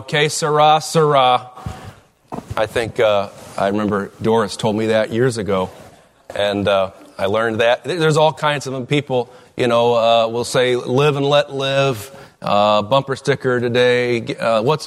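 A pastor preaching a conversational sermon, asking the congregation questions and reading scripture slowly and deliberately. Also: male voice, mid-range voice. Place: church sanctuary. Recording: long reverb of a large room.

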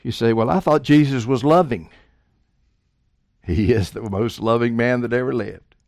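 A man preaching a sermon, swinging from quiet asides to loud, emphatic quotations of scripture. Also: medium pitch, moderate pace, vocal fry, dry recording, clean studio sound.

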